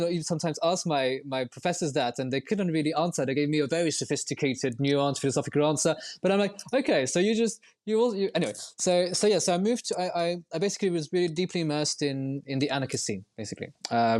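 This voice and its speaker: A man's voice: on the high side, a little mellow. A man as a podcast guest, explaining at length in a reflective, winding way with frequent restarts. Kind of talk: podcast interview.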